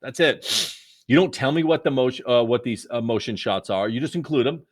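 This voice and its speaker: A man's voice: medium pitch, animated, brisk, no room sound. A man teaching a recorded video lesson in a rambling, joking, conversational way into a close mic.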